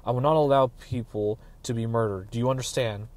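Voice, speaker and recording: A man reading aloud, voicing a gruff, officious middle-aged castellan in a fantasy story. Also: a little fast, lightly acted. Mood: blustering. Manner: exclaiming, higher and louder than the narration. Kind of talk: dramatic audiobook reading.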